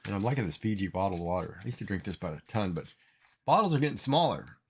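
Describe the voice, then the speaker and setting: A man's voice: on the low side, expressive, fast talker, a little hiss or hum. Chatty middle-aged male streamer. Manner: rambling, emotional, repeats words. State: tearful, crying. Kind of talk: casual livestream chat.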